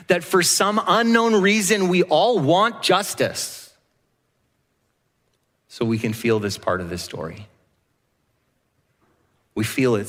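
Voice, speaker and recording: A man in his thirties preaching a sermon, telling a personal story and acting out the dialogue with lively energy. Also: on the high side. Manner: animated storyteller, acts out dialogue. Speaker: pastor. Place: church sanctuary. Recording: long church reverb.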